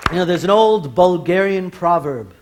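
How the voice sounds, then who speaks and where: A man's voice: sits high, lively intonation, normal speed, over a noisy crowd, heavy background noise. A man performing live stage comedy in a TV studio, telling jokes with careful punchline timing.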